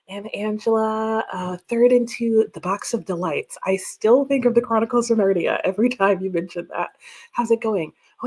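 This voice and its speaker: A woman's voice: fairly high pitch, darkish tone. A woman hosting a casual livestream from her home, chatting, laughing often and reading out viewer comments. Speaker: livestream host. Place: home room with bookshelves.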